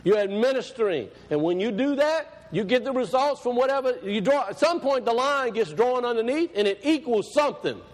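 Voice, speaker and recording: A man preaching a sermon in a conversational way, repeating phrases for emphasis and slowing down to read scripture aloud. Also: extremely high pitch, lively intonation, long reverb tail. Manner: slows and rises when reading scripture aloud.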